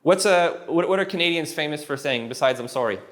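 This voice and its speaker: Encouraging male teacher, slightly high voice. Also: fairly quick. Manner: relaxed, encouraging, repeats words and restarts often. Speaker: Spanish teacher. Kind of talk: live classroom lesson. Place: classroom with students.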